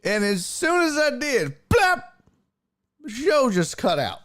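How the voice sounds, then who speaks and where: A man hosting a live sports talk stream, excitable and profane, greeting chat viewers by name and laughing often. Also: very high-pitched, slow pace. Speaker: sports talk show host.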